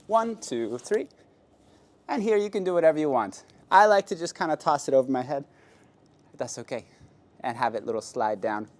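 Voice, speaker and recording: Playful male salsa instructor counting steps. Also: a little high. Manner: playful, counts steps aloud, jokes and laughs. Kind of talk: dance class instruction.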